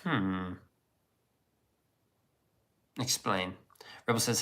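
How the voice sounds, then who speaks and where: Speaking slowly with frequent pauses, this livestream host has a fairly low pitch and a fairly bright tone. He reads out viewer comments, joking crudely in rambling, casual banter.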